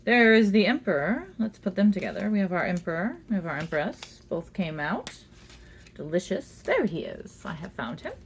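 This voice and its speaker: A woman's voice: lowish voice, very animated, moderate pace, slight background noise. A woman giving a casual tarot reading at home, chatty and giggly, talking fondly to the cards. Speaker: tarot reader. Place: indoors at home.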